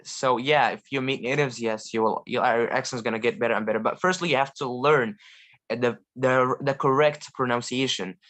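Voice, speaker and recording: A man from Egypt talks with eager, earnest energy on a live video chat. His pitch sits in the middle range, and he stops often with fillers and restarts sentences as he goes. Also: fairly even intonation, fairly quick, a bit bright. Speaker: guest language learner. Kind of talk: casual chat on a live call.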